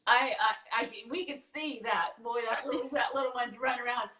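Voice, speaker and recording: A woman interviewer reacting in a gushing, expressive way and asking questions. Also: on the high side, fairly quick. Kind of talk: emotional interview chat. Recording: roomy sound from a distant mic.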